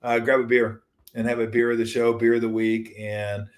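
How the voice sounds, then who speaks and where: A man's voice: mid-range voice, level tone, normal speed. A man in his fifties hosting a casual solo sports talk show, rambling and joking as he acts out other people's voices.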